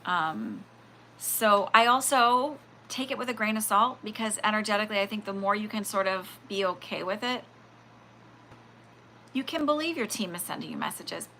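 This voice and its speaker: A woman's voice: medium pitch, normal speed, a little hiss or hum. A woman hosting a spiritual reading livestream, rambling in a casual way with lots of fillers and quoted asides. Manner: rambling, animated, full of fillers and acted-out quotes.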